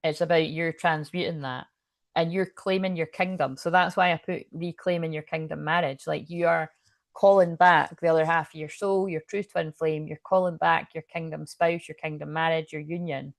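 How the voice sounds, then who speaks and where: A woman's voice: low-pitched, fairly even intonation, moderate pace, gravelly, no echo, clean studio sound. A woman, talking casually about spirituality in a rambling, frank way, swearing freely and full of fillers and restarts. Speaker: spiritual channel and tarot reader. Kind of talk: casual spiritual livestream talk.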